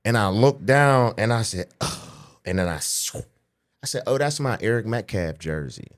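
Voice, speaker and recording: This is a pro bodybuilder in his forties from around Pittsburgh, swapping a foul-mouthed childhood tale as a guest on a podcast. He talks at normal speed in a lowish voice. Lively and profane, he imitates whoever he's quoting and leans often on "you know what I'm saying."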